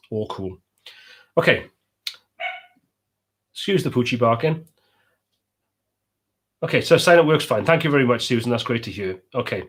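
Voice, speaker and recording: A man with a Welsh accent, casually chatting as host of a live stream and reading out viewers' comments. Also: mid-range voice.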